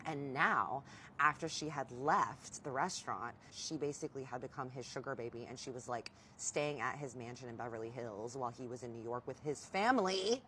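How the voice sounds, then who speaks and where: A woman's voice: very deep voice, slight background noise. A woman telling a story in casual vlog style, candid, swearing freely and addressing her viewers directly. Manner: animated when quoting herself. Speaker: storytime vlogger.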